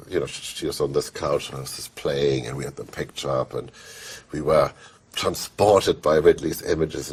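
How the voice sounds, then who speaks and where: A man with a deep, slightly husky voice talks in a casual interview. His sentences wander, with frequent fillers and restarts. Each story builds with animated energy. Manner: rambling, many fillers and restarts; animated anecdote telling. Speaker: film composer interviewed.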